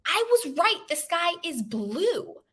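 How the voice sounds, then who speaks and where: A woman's voice: fairly high pitch, sing-song, normal speed, a bit bright, slightly rough, full character voice. Lady doing a fed-up lion guy, voice shoots way up, arguing back. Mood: exasperated. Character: stubborn male lion, exasperated and indignant.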